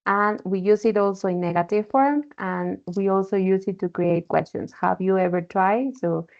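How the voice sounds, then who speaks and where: A woman's voice: medium pitch, normal speed, creaky, darkish tone. A woman teaching an online English class, explaining patiently and checking in often with "okay?". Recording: dull lo-fi call audio.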